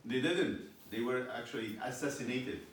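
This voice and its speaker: A man teaching a youth Bible class, telling a story with animated energy and asking "yes?" along the way. He is recorded from far off in a very echoey classroom. A faint noise floor sits under him. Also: mid-range voice, normal speed. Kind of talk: storytelling lesson. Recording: echoey room, distant mic, faint noise.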